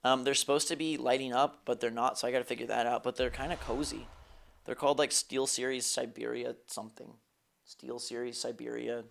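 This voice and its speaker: A slightly hoarse man doing live game commentary on a headset mic, yelping at snakes on screen and joking with viewers. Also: medium pitch, flat delivery, brisk. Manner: jumpy, yelps and jokes at on-screen snakes, chats with viewers. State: slightly hoarse, under the weather. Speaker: gaming streamer. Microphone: gaming headset.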